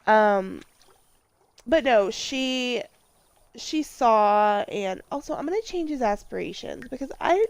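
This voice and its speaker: A woman's voice: on the high side, lively intonation, slow, clean tone, dry recording. A woman giving casual, rambling commentary over a life-sim game, telling personal stories, swearing casually and exclaiming at what happens on screen. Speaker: let's play vlogger.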